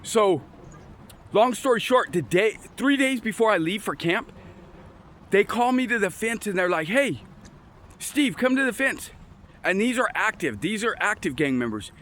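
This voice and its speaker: A man's voice: high voice, expressive, moderate pace, fairly bright tone. A man telling his life story in a casual, rambling way, restarting sentences and acting out the conversations he recalls, recorded outdoors on a windy day. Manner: rambling, restarts, acts out quoted exchanges. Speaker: storyteller sharing his testimony. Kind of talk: casual personal testimony.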